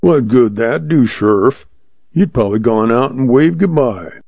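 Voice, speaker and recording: A man reading a scornful, drawling cowhand in a western audiobook, with a gravelly voice. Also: mid-range voice, expressive, measured pace, darkish tone, no echo, muffled recording, heavily acted. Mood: sneering. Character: surly sneering male cowhand, middle-aged.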